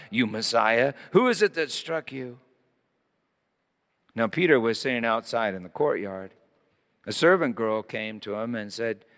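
A man preaching a sermon, reading scripture dramatically, rising loud and high in quoted lines and dropping to a hush in tender ones. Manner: dramatic scripture reading, swelling then hushed. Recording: long hall reverb.

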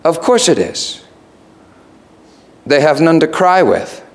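A man's voice: a little high, very animated, slow pace, pitched above the performer's own voice, heavily acted. A stern old storybook raven scolds in a raised, emphatic voice that hammers each point twice, as a preacher puts him on. He sounds certain and unyielding. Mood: rebuking. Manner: emphatic, repeating phrases. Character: stern wise male raven, rebuking.

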